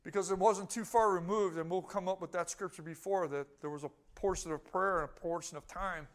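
A male pastor with a notably high voice delivers a sermon. He swings between fervent, climbing bursts and quiet, low-pitched asides, pressing the congregation with rhetorical questions. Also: steady tone, a little fast. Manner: emphatic preaching that rises and falls, with rhetorical questions to the congregation.

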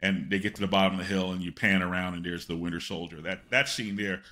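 Older male guest, animated anecdote-teller, bright tone, lots of fillers. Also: sits low, quick pace. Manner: animated, rambling anecdotes with many fillers and self-interruptions. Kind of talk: storytelling in a podcast interview.

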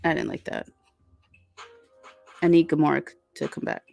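A woman's voice: low-pitched, steady tone, normal speed, vocal fry, darkish tone, faint music behind. A woman hosting a casual live stream, chatting and rambling with lots of fillers as she reads out viewer comments. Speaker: livestream host reading viewer chat.

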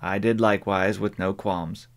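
Man, audiobook narrator, measured even reading, low voice. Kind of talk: scripted narration.

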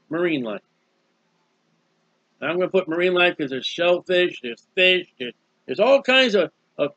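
A man delivers a Bible teaching sermon in a high voice, folksy and emphatic, often asking a question and answering it himself. The recording is dry and dull, with a muffled lo-fi sound. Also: a bit bright, no room sound. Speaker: preacher.

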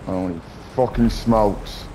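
A young man giving casual, excitable gameplay commentary, swearing and trash-talking other players. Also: on the low side, slow, slight background noise. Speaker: gaming YouTuber.

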